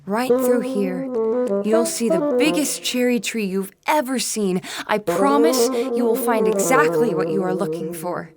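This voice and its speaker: A woman voicing a brave little female robin in a spoken storybook, speaking in a high, earnest way. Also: measured pace, close to an everyday voice. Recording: voice over loud bassoon and percussion music.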